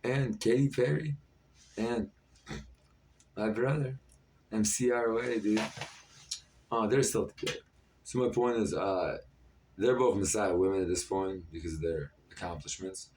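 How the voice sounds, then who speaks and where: A man's voice: fairly low pitch, fairly even intonation, a little slow, long pauses, darkish tone, a little hiss or hum. A man in his thirties talking in a disjointed, jumpy stream with many fillers, in a rambling monologue to camera. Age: 30s. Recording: voice a bit far from the mic.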